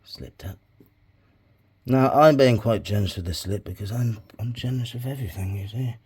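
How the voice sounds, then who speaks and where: In his casual pottery tutorial, a man who vlogs about crafts chats aimlessly, swears without restraint, and mumbles side comments. His fairly low voice is a little mellow and slightly rough, at a normal speed.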